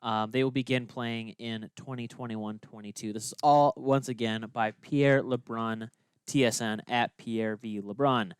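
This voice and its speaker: Young man, podcast host, casual news reading, smooth clear voice, dry sound. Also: medium pitch, fairly even intonation, a little slow, no room sound. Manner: exasperated, reads news with fillers.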